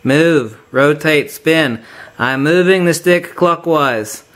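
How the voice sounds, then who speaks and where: A man's voice: on the high side, slow pace. A man giving a hands-on tabletop demonstration lesson, explaining step by step and joking with a mock Australian "mate". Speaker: science demonstrator.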